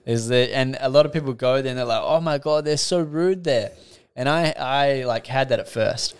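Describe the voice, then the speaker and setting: A young man hosts a podcast in an easygoing, chatty way. His voice is smooth and resonant, and he trades his own stories with his guest at a relaxed pace. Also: medium pitch, normal speed. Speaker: podcast host. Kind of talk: casual interview chat.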